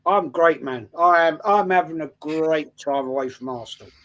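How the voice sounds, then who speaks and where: A man speaking as a panelist in casual chat, his voice pitched a little high. He is jokey and easily exasperated, with repeated protests. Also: normal speed, fairly bright tone.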